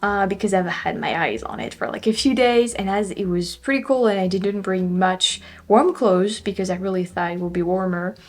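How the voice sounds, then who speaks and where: Young French woman, travel vlogger, accented English, chatty and giggly, lots of fillers, mid-pitched. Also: normal speed, hardly any pauses. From France. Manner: chatty, laughs often, many fillers and restarts. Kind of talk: casual chat to camera.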